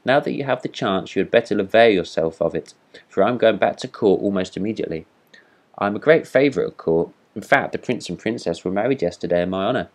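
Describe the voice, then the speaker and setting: A boastful, self-important firework rocket looks down on everyone around him, as a man reading a storybook puts him on. The voice sits very low and speaks with haughty disdain. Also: expressive, quick pace. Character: vain pompous boastful male firework rocket.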